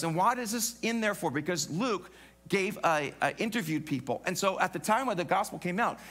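Animated, high-voiced male pastor preaching. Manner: animated, conversational, with humorous asides. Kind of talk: sermon. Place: church.

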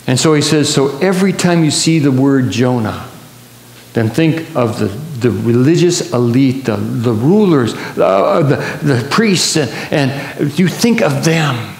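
A man's voice: on the high side, expressive, unhurried, vocal fry. A male pastor telling a Bible story in a sermon, with many restarts and repeated words. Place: large church sanctuary. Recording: echoey church hall.

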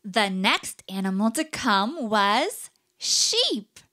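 A woman tells a children's puppet story in a bright, lilting voice. She speaks slowly and swoops her pitch widely for emphasis, leaning on key words. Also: very animated. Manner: sing-song, exaggerated storytelling emphasis. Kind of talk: children's puppet show narration.

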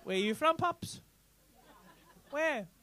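A man's voice: extremely high pitch, lively intonation, very slow, sharp tone. A man doing crowd work in a comedy club, teasing audience members with cheeky, sweary banter into a handheld mic. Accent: English. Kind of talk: live stand-up crowd work. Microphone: handheld stage mic.

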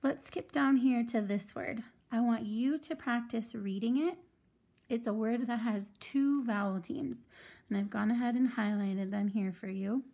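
A woman's voice: on the high side, unhurried, vocal fry, warm tone. A woman teaching a phonics lesson to children, patiently sounding out words syllable by syllable.

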